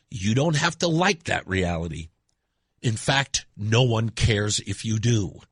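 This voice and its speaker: A man's voice: fairly low pitch, a bit bright, husky, no room sound, studio quality. A man hosting a radio talk show, delivering an emphatic monologue and repeating words for effect.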